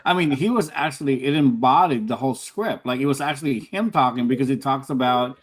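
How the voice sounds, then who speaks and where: A man's voice: mid-range voice, a little fast. A man on a video call asking a question in a hesitant, casual way, with many "um"s and "like"s. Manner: hesitant, full of "um" and "like".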